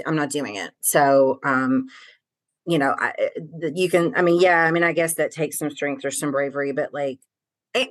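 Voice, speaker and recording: A middle-aged woman with a low-pitched voice recounts her story openly and plainly. She swears casually and fills her sentences with ums and likes. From Tennessee. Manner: frank, swears casually, many fillers. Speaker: guest. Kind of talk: candid personal storytelling.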